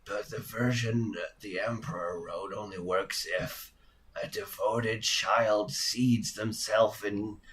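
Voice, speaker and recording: A man voicing a gruff, sardonic character in a quiet, low and dry voice, reading game dialogue. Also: fairly even intonation, slow. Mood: grim.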